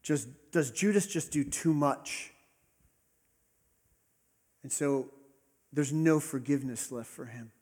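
A man preaching a sermon as pastor, earnest, rising to emphatic peaks and dropping to soft asides. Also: on the high side, slow, pauses often, slightly rough. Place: church hall with congregation. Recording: long reverb of a large hall.

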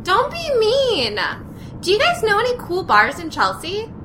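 A woman's voice: very high-pitched, wildly swooping pitch, unhurried, bright, forceful tone, slight background noise, full character voice. A woman voicing a bubbly, friendly college woman in her twenties, in a gushing, sing-song manner. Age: 20s.

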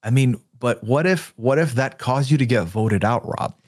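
With a medium-pitched voice at a moderate pace, a podcast co-host recaps a reality show episode in an animated, playful, excitable way. The recording is clean studio sound with no room sound.

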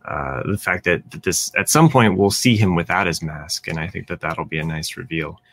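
Low, bright-toned man speaking haltingly. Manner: hesitant, halting. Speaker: podcast co-host. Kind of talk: casual podcast chat.

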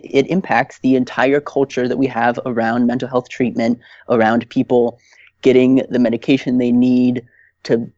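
Fired-up man, mellow voice. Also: medium pitch, no echo, highs cut off. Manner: heated, emphatic, restarts often. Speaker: podcast guest. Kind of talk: casual chat.

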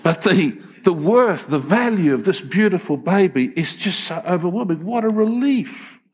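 A man's voice: a little high, expressive, moderate pace, husky. A man, preaching a sermon in a folksy, emphatic storytelling way with frequent restarts. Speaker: pastor.

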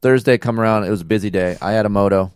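A man hosting a casual podcast, telling a story in a relaxed, slangy way. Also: on the low side, racing, smooth, dry recording, studio quality. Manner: laid-back storytelling with slang. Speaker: podcast host. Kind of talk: casual chat.

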